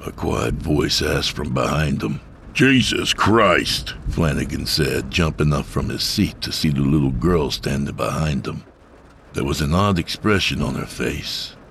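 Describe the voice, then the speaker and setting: Very deep, gravelly male narrator. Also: moderate pace, a bit bright, a little hiss or hum. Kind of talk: scripted horror story narration.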